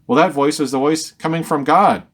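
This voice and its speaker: A man's voice: fairly high pitch, moderate pace. Man teaching Bible verse by verse. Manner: reads verses aloud with lifted emphasis, then explains in a conversational tone; repeats words and restarts phrases as he thinks aloud.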